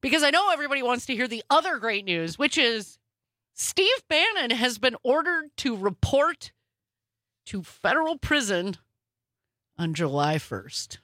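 A woman co-hosting a podcast, giving casual political commentary in a quick, sarcastic manner. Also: a little high, sing-song, sharp tone, dry recording, studio quality. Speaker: podcast co-host.

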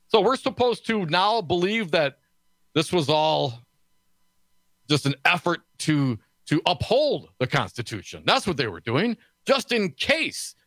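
Guy hosting political talk radio, bright sharp voice, dry studio sound, snarky, trips over his words. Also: on the high side, no echo. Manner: snarky, sarcastic, rapid with many restarts. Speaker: radio show co-host.

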